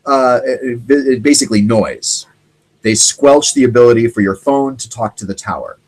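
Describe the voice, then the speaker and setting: A man hosting a casual solo talk show, rambling and animated, now and then mimicking other people's voices. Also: mid-range voice, moderate pace, low-quality recording. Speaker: podcast host.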